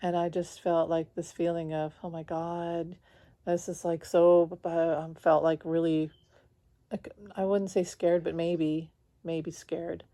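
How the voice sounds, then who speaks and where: A woman talking in a casual confessional vlog from home, rambling with lots of fillers and quick laughs between thoughts. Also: fairly low pitch, little pitch movement, mellow. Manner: talks lying down. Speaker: spiritual vlogger.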